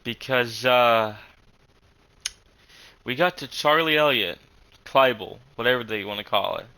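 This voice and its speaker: A young man telling a rambling story in casual chat, halting with many fillers and frequent swearing. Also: medium pitch, pushed and bright, clear, resonant tone, poor audio.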